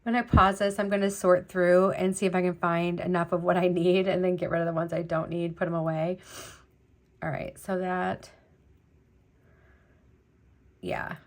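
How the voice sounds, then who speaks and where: A woman's voice: on the low side, level tone, moderate pace. Beading host, woman, middle-aged, loose chatty delivery full of fillers. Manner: chatty, many fillers, rambling. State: choked up, teary. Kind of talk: casual chat while beading.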